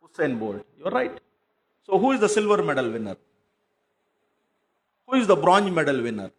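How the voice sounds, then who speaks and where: A man giving a motivational talk to students, asking the audience questions and answering them himself. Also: a little high. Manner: tells an anecdote with quoted dialogue. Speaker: motivational speaker addressing students.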